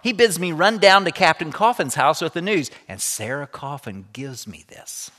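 A man's voice: on the high side, lively intonation, moderate pace, sharp tone, voice pushed up. A man voicing a proud young boy showing off his prize, in a room with a long echo. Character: proud young Quaker boy, older brother. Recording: echoey room with long reverb.

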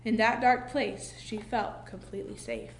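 A woman's voice: mid-range voice, gravelly. Woman reading a storybook in an echoey room. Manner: expressive, with slow dramatic pauses. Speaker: narrator. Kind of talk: reading a children's book aloud. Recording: echoey room with faint hiss.

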